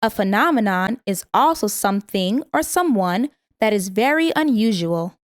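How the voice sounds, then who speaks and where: Woman, mid pitch, lesson narrator with careful pronunciation, dry studio sound. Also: lively intonation, no echo. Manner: slow, careful word-by-word pronunciation. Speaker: vocabulary teacher. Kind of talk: scripted vocabulary lesson reading.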